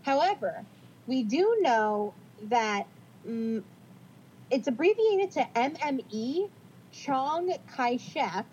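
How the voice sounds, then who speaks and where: A woman's voice: high voice, animated, slow, darkish tone, dull audio, a little hiss or hum. A woman co-hosting a casual podcast, reading from notes in a chatty, self-deprecating way. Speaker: podcast co-host.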